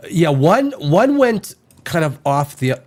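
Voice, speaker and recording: A man hosting a casual podcast who has a cold, rambling in an animated way, swearing casually and reading news items aloud. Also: on the high side, unhurried. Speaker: podcast host.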